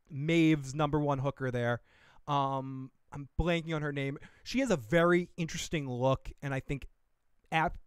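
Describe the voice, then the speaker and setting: A man's voice: a little high, smooth, no echo, clean studio sound. A man hosting a casual podcast livestream, rambling and swearing freely as he reacts to a trailer. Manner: rambling and profane, with laughs and self-talk. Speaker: podcast host reviewing a trailer.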